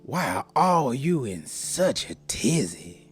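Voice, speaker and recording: A woman voicing a sly male fox in a storybook reading, speaking slowly in a low, soothing voice. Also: big pitch swings, slightly rough, faint music behind, full character voice.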